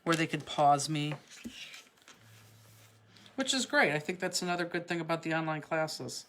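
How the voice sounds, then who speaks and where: A woman's voice: low voice, normal speed, slight background noise. A woman from Ohio, chatting casually and animatedly while hosting a live online craft class. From Cleveland, Ohio. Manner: chatty, animated, laughs easily.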